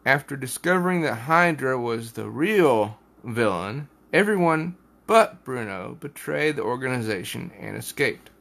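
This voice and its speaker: A man's voice: mid-range voice, very animated, measured pace, gravelly, hardly any pauses, fairly bright tone. A man casually reviewing a comic book, stumbling over names and poking fun at himself. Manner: hesitant with names, self-deprecating.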